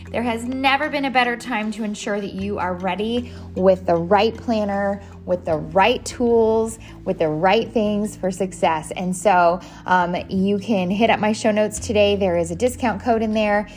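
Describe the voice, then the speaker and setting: Chatty woman podcast host. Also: mid-range voice. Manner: chatty, many fillers and restarts. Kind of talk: casual solo podcast talk.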